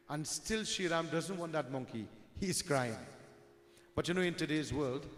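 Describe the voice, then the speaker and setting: Delivering a sermon-style devotional tale, a religious storyteller addresses his audience as dear friends and sprinkles in Hindi devotional terms. His voice is a little high and fairly bright. Long reverb from an echoey hall fills the recording.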